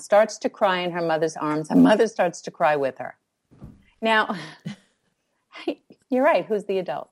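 An older woman answers interview questions about parenting in a calm, measured way. She pauses and uses fillers as she thinks through her points. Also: medium pitch. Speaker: guest expert on parenting. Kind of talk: conversational interview.

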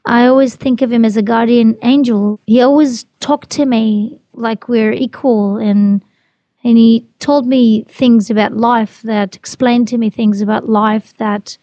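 A woman's voice: fairly high pitch, fairly even intonation, measured pace, dark tone, no echo, lo-fi sound. A woman telling her personal story as an interview guest, earnest and repeating herself as she goes. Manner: earnest, repeats phrases, restarts.

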